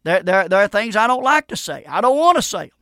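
Male radio preacher, middle-aged, high bright voice, fervent, dry close sound. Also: sing-song, fast, dry recording. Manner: fervent, repetitive, punctuated with amen. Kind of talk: radio sermon.

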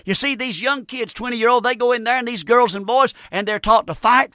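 Fervent preacher with a bright, high voice. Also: male voice, quick pace, few pauses, no echo, studio quality. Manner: fervent, repetitive amens, stammering restarts. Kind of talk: sermon. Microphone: broadcast radio mic.

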